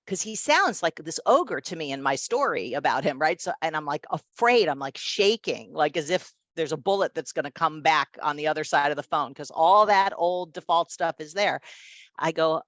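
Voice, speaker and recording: A woman's voice: deep voice, lively intonation, fairly quick, a bit bright, no room sound. A woman in her fifties, a guest, telling a personal story in an emphatic, conversational way and often checking in with her listener.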